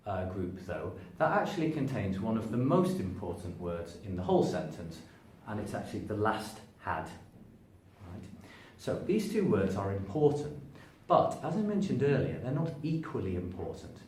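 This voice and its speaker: A man teaches English pronunciation to camera at a moderate pace, illustrating each point by stretching and stressing words, his pitch lively and shifting. The camera is at a distance as he steps toward and away from it before a sign, and the room's echo makes the voice sound far off with faint background noise.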